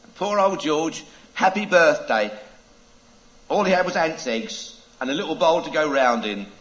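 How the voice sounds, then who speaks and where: A man, a preacher, telling a children's story with a moral, in an animated, dramatic way with drawn-out phrases. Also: fairly high pitch, muffled recording.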